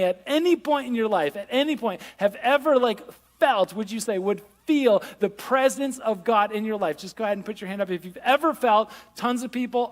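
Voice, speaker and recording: Guy preaching in a church, chatty and jokey, voice pitched up high, big hall echo. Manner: conversational, self-deprecating humor, audience participation. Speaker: pastor. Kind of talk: sermon. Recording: long reverb of a church hall.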